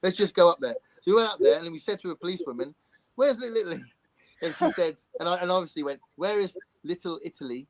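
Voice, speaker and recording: A man with an English accent hosting a casual video-call chat, telling lively stories and chuckling as he goes. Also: high-pitched, fast, dry recording. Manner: animated storyteller, chuckles often.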